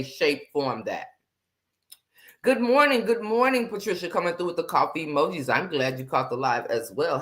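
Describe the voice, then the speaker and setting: A woman hosts a casual faith livestream and talks straight from the heart. She is blunt and frank, mixes slang into her preaching and greets viewers by name. Her voice sits a little low for a woman. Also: fairly bright tone. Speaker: livestream host.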